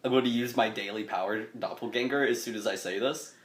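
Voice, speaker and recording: A man's voice: mid-range voice, quick pace. A man playing a tabletop game, talking casually with plenty of swearing and laughter. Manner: animated, swearing, laughs a lot. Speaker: player.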